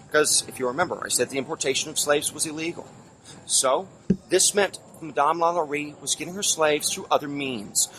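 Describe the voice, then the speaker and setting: A man's voice: a bit bright, slight background noise, poor audio. A man guiding a live ghost tour outdoors, telling a grim history in a dramatic, emphatic way. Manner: dramatic, emphatic storytelling with swings in pitch. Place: outdoors on a city street.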